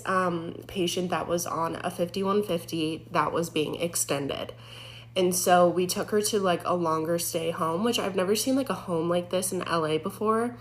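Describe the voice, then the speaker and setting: A young woman casually telling a spooky story from her work as an EMT, full of fillers and nervous laughs. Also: on the low side.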